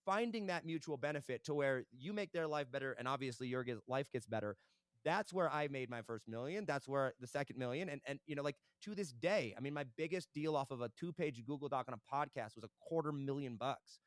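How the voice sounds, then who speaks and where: A young man, a podcast guest, telling business stories in a casual interview, animated and fast, often tagging on "right?". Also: mid-range voice, no room sound, studio quality.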